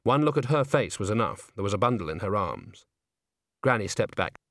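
Guy narrating an audiobook, expressive, pitch all over, dry close mic. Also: normal speed, no room sound. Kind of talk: scripted storybook narration.

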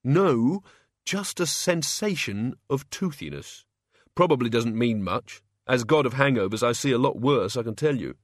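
A man voices a hesitant, faltering male god of hangovers, using a natural, mid-range voice with lively intonation at a normal speed. The recording is clean studio sound with no room sound.

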